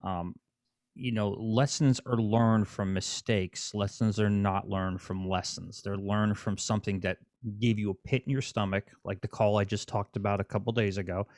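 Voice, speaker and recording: A man's voice: lowish voice, steady tone, normal speed, a little mellow, dry recording, clean studio sound. A man hosting a casual interview, speaking bluntly and preachily and swearing freely. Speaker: podcast host.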